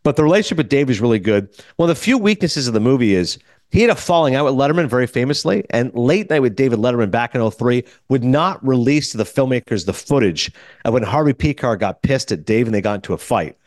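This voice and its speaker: A man's voice: mid-range voice, fast talker, no room sound. A man hosting a film podcast, talking through a movie review and acting out quotes from it, recorded on a studio microphone. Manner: animated storyteller acting out quoted lines. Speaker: podcast host and film critic. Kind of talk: casual film review monologue.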